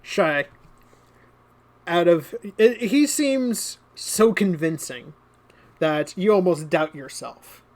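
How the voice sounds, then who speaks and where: A game master narrates a tabletop game at an unhurried pace, with a voice that rises and falls a great deal. The storytelling is relaxed and loose, broken up by laughter. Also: mid-range voice.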